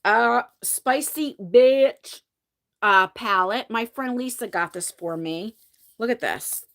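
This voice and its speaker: Chatty woman vlogger, bright and slightly high voice, emphatic, casual live talk. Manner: chatty, emphatic, frequent "you know what I mean". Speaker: beauty vlogger. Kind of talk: casual chat to a live audience.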